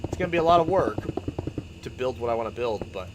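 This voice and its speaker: Excitable rambling young man streaming. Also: mid-range voice, fast, very noisy. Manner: rambling, excitable, laughs often and restarts sentences. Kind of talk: casual chat while building in a game stream.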